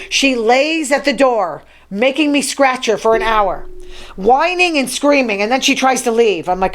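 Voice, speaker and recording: A woman's voice: on the high side, expressive, normal speed. A woman hosting her own talk show, reading news items from her notes and adding chatty, wry asides. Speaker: show host. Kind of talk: casual solo talk show monologue.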